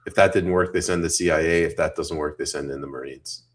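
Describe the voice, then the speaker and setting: Man, from Canada, podcast co-host, casual, jokey, laughs a lot, very low voice. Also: fairly even intonation, fast talker. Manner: joking, laughs often, reads chat aloud. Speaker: podcast co-host reading audience comments. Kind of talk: casual political chat.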